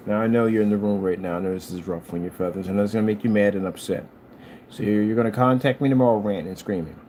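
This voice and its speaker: A man hosting his own channel, talking in a casual rambling monologue and jumping up high when he quotes people. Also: quick pace, a little hiss or hum. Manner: animated storyteller, jumps high for quoted lines; scolding, talks straight to a critic. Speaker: channel host.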